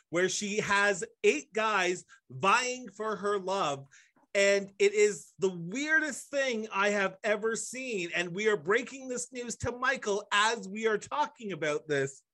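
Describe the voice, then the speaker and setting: A man's voice: high voice, expressive, measured pace, pushed and bright. A man co-hosting a casual podcast chat, joking and sarcastic, with rambling asides. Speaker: podcast co-host.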